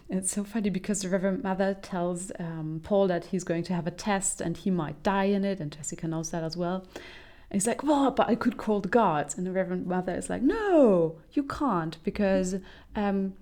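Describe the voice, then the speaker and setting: A woman's voice: lowish voice, fairly even intonation, fairly quick, darkish tone. A woman giving a casual comedic film review, chatty and full of um's, restarts and laughs. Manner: chatty, frequent um's and self-restarts, laughs while talking.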